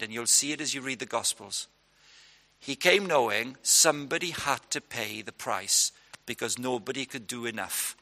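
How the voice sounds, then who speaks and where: A man's voice: mid-range voice, gravelly, bright, forceful tone. A man preaching a sermon in a conversational, punchy way, putting questions to his listeners. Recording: long hall reverb.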